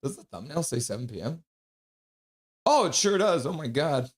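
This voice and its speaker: Greeting viewers individually as he reads the chat, this middle-aged livestream host runs a casual hockey pregame stream with upbeat friendliness. His voice is a little higher than most men's, with big pitch swings, at a normal speed.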